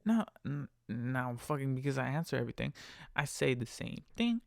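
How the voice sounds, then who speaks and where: Brief: male podcast host, rideshare driver, rough gravelly voice, lively exasperated profane rant. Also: moderate pace, dry recording, studio quality. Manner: profane, exasperated, laughs often; animated, jumps into higher pitch when mocking. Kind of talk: casual ranting monologue.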